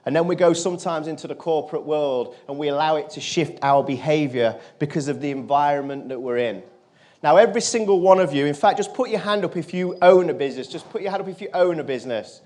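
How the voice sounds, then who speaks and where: A man giving a motivational keynote, telling a personal story to a live audience and turning quiet in the emotional moments. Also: a little high, fast. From England. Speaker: motivational speaker. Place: conference stage.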